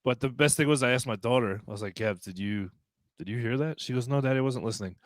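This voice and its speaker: A man co-hosting a podcast in casual chat, telling stories in an animated, profane way. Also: medium pitch, fast talker, no echo, clean studio sound. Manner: animated, profane storytelling with laughs. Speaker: podcast co-host.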